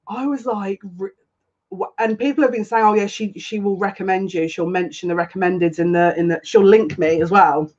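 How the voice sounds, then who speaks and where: Her voice is mid-range, steady, brisk and somewhat dark as she hosts a laid-back psychic tarot live stream. Welcoming viewers by name, she's effusive and on the verge of tears, captured in slightly dull lo-fi audio.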